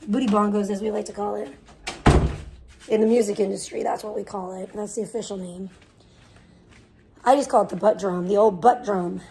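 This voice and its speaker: A woman's voice: mid-range voice, fairly even intonation, normal speed, gravelly, long pauses, background noise. Rambling, crude woman streamer. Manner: rambling, crude jokes, muttering to herself. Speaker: live streamer. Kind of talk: casual live-stream chat. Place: outdoors in the sun, tanning. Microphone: phone.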